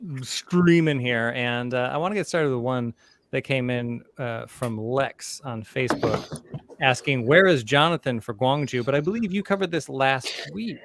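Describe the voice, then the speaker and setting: A man's voice: medium pitch, normal speed, a bit bright, a little hiss or hum. A man hosting a casual podcast, jokey and rambling, often breaking off mid-thought. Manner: jokey, rambling, self-interrupting. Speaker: podcast host.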